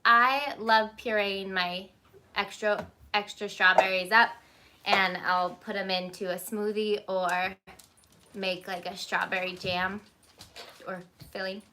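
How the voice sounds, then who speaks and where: Speaking slowly at a medium pitch with fairly even intonation, a thirtysomething woman hosts a phone livestream of her baking from a cramped home kitchen. She chats away, welcomes viewers by name and breaks off to tell her children what to do, all against a noisy background.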